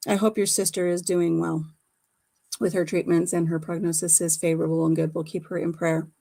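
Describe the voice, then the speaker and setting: Her voice is lowish, warm and creaky, with a flat delivery and a fairly quick pace. She's a middle-aged woman chatting casually on a home phone livestream, frequently laughing as she recounts conversations.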